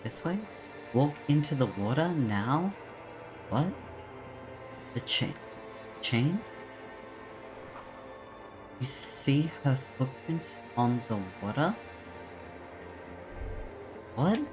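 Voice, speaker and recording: A streamer musing slowly and puzzled through a game, reading choices aloud. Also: mid-range voice, animated, over music. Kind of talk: casual gameplay commentary.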